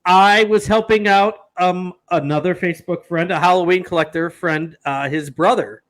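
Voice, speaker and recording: A man co-hosting a casual chat, excitable and quick with exclamations. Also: high-pitched. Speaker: co-host.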